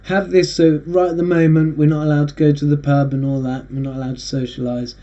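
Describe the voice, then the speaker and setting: A man hosting a casual monologue, rambling and halting with frequent restarts. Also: a little high, level tone, dark tone. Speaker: host. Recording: dull lo-fi recording.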